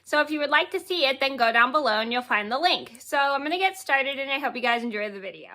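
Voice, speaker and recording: A woman's voice: high-pitched, expressive, fast, very noisy. A woman in her late twenties telling a funny personal story in a casual vlog, rambling, repeating words, correcting herself and giggling along the way. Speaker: vlogger.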